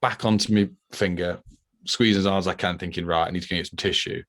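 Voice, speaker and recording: A British electrician co-hosting a podcast, speaking in dry, matter-of-fact casual chat. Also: male voice, deep voice, fairly even intonation, fast talker, fairly bright tone. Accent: British English.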